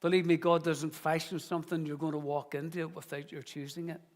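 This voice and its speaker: Man, middle-aged, founding pastor, sermon, earnest conversational storytelling, slightly high voice. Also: little pitch movement, fairly quick, in a large hall.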